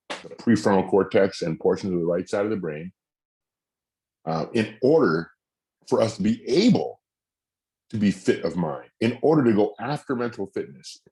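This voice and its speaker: Very low-voiced man teaching a masterclass. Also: darkish tone. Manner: earnest, acts out quoted phrases with shifting inflection. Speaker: mental fitness coach and speaker. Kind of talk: recorded masterclass talk.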